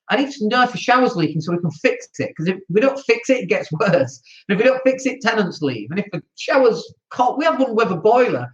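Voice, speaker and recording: An excitable Northern English man hosting a podcast, talking casually about running rental properties with mock outrage. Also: high-pitched, brisk, muffled recording. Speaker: podcast host, landlord. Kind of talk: animated casual talk.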